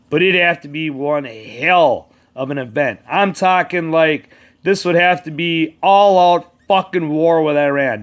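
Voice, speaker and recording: A man's voice: fairly high pitch, fairly bright tone. A man ranting casually to his channel's viewers, rambling and swearing as he talks straight to politicians who aren't there. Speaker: vlogger. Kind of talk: casual rant to camera.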